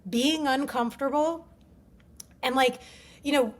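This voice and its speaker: A woman appears as a guest coach on a podcast, explaining ideas through personal anecdotes. Her voice sits somewhat high, and she talks earnestly and reflectively, peppering her sentences with "like". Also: unhurried. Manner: earnest, reflective, storytelling with many "like" fillers. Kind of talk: casual interview chat.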